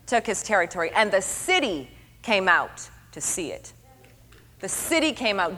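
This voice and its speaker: A middle-aged woman preacher giving an earnest sermon testimony, repeating phrases for emphasis and dropping to a hush at tender moments. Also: high voice. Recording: long hall reverb.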